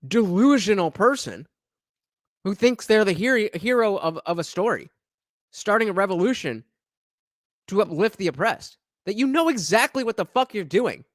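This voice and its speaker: A man hosts a reaction commentary, sarcastic and profane as he rants between clips. His pitch swings widely from line to line, and the sound is close and dry with no room around it. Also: a bit bright, no echo. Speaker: commentary channel host.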